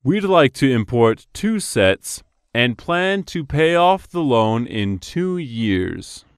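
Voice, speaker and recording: A man reading scripted business dialogues for English practice, slow and carefully enunciated. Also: mid-range voice, very animated, clear, resonant tone, no room sound, clean studio sound.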